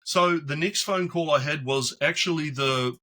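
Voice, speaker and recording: A man's voice: a little high, moderate pace. A man guesting on a podcast, telling stories casually and acting out the voices of people in his anecdotes. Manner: chatty, animated, acts out voices in anecdotes. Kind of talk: casual storytelling interview.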